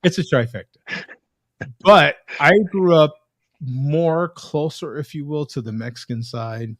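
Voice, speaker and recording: A man's voice: fairly high pitch, a little slow, dry recording, clean studio sound. A man hosting a casual video-call chat, telling rambling stories with frequent tag questions. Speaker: host.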